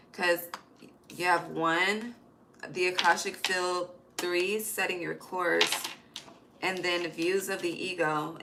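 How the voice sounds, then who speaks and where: At home at night, a tarot reader with a fairly low voice gives a casual, emphatic reading over background noise. She swears freely and drops slangy asides.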